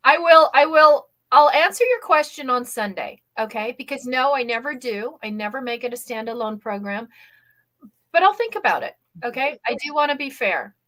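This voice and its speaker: A woman hosting a live online workshop, talking in a chatty, energetic way and often checking in with "okay?". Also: high-pitched, moderate pace. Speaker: workshop host. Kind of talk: live-stream workshop talk.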